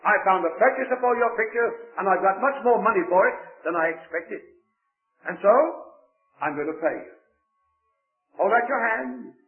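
A man's voice: high-pitched, animated, normal speed, pauses often. A man voicing a polite, self-assured male artist speaking with a patronizing air. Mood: genial. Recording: echoey, phone-like lo-fi recording.

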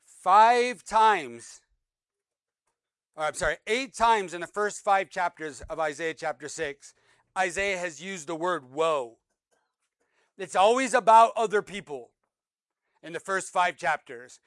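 A man preaching a sermon, reading scripture aloud and swinging between loud emphatic peaks and soft low drops. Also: slow, pauses often, clear, resonant tone, dry recording. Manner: reads scripture aloud, repeats words for emphasis. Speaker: pastor.

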